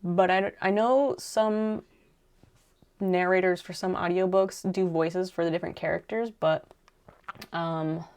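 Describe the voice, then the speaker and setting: A young adult woman streaming while she crafts, chatting casually and rambling softly as she thinks aloud. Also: fairly low pitch, fairly even intonation, a little slow, clear, resonant tone.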